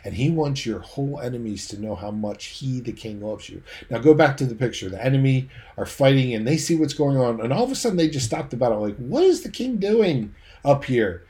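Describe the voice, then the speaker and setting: A man's voice: mid-range voice, expressive, fast, hardly any pauses, a little mellow. A man preaching a sermon, leading his listeners through vividly imagined scenes.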